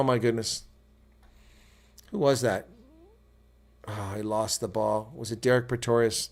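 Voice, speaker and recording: American man, live reaction commentator, mid-pitched, excitable, shouts at big plays, talks to his viewers. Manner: chatty asides to viewers. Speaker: host.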